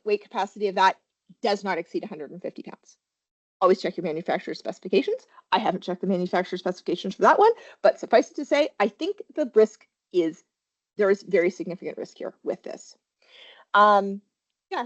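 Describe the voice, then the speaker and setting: A woman's voice: mid-range voice, highs cut off. A woman workplace safety trainer giving a webinar presentation, talking animatedly and quizzing her listeners with questions.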